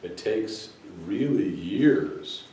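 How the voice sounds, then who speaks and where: Deep voiced guy giving a sufi talk, earnest storytelling, roomy echo, mic a bit far off. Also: expressive, very slow, mellow, slight background noise. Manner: earnest, storytelling with many restarts. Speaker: Sufi teacher. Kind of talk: spiritual talk to a gathering. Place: hall in front of an audience. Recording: echoey room, voice from a distance.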